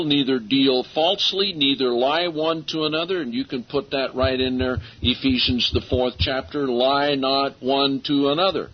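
Emphatic husky-voiced male preacher. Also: medium pitch. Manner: emphatic, slows down to stress key phrases. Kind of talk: sermon with scripture reading. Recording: dull lo-fi recording.

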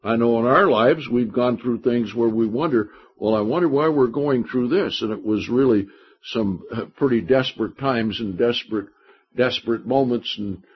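A man's voice: medium pitch, slightly rough. A man preaching a sermon, reading scripture aloud and stressing points emphatically. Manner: slow, emphatic Bible teaching with scripture readings. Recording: dull lo-fi recording.

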